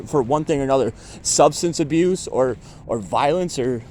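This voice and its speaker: Halting, upset man outdoors. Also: mid-range voice, expressive, darkish tone, slight background noise. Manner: halting, repeats himself, grows agitated. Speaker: person seeking shelter. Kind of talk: filmed confrontation and venting. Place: outdoors at a shelter door.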